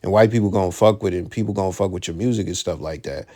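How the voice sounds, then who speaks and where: A man's voice: deep voice, rapid-fire, mellow. A man giving casual commentary, blunt and profane, who repeats his key points for emphasis.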